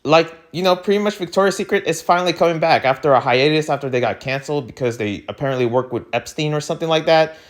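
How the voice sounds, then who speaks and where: Young male vlogger, fairly high voice, worked-up rant, outbursts dropping to grumbles. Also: fast, few pauses. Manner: exasperated, animated, swings from shouting to muttering. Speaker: webtoon reading channel host. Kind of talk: ranting to camera.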